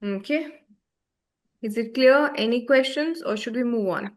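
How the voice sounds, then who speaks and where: A woman's voice: on the high side, measured pace. A woman teaching a beginner French class online over a video call, patiently checking that her students follow. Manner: patient, checks often for understanding.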